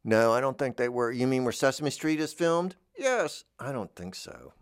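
A man's voice: medium pitch, expressive, normal speed, clear, resonant tone, no echo, clean studio sound. A man doing a rambling comic monologue, drifting between topics and dropping in silly voices for the people he quotes. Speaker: comedian.

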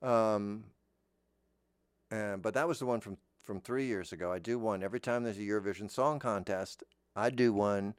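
A man's voice: on the low side, normal speed, smooth, no echo, clean studio sound. A middle-aged man hosting, talking in a casual monologue that rambles through restarts and asides. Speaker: host.

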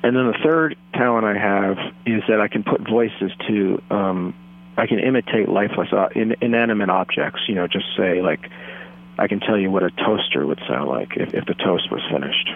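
Casting: earnest, rambling man in his thirties, slightly low voice, phone-line sound. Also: normal speed, vocal fry. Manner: earnest, self-deluded, rambling. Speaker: caller telling a story. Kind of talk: deadpan comic storytelling.

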